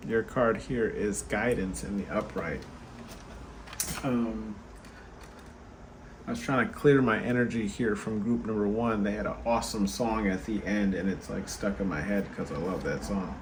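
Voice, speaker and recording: A man's voice: fairly low pitch, moderate pace. A tired man hosting a casual tarot card reading, chatting straight to viewers with lots of fillers. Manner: chatty, many fillers, talks to viewers directly. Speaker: tarot card reader and channel host. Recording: steady background noise.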